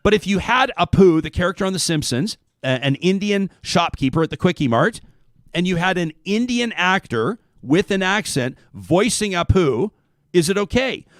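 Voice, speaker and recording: Animated male talk radio host. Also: high-pitched, no room sound. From Canada. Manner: animated, halting restarts when thinking aloud. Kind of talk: reading listener emails on air.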